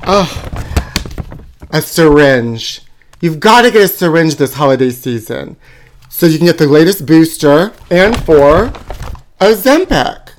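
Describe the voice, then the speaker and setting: A man hosting a podcast, delivering a campy comedic monologue and calling his listeners "my trashy". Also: fairly high pitch. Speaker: podcast host.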